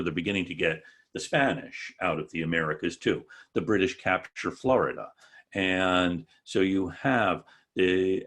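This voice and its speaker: A man's voice: deep voice, fairly bright tone. A man giving an online history lecture over a video call, joking and correcting himself as he goes. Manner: digressive, joking asides, self-correcting.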